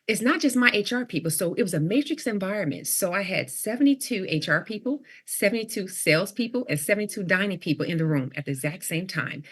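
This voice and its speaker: A woman's voice: mid-range voice, quick pace, hardly any pauses, slightly rough. A middle-aged woman, a leadership coach, telling a story as a podcast guest and acting out the dialogue with animation. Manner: animated storyteller who acts out quoted dialogue.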